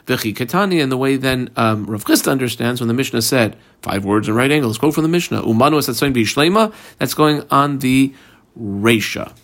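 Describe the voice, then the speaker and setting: A man teaching a relaxed Talmud class, conversational and rambling with frequent ums, guiding listeners through marks on the page. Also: mid-range voice, a little fast. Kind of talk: casual daily page class.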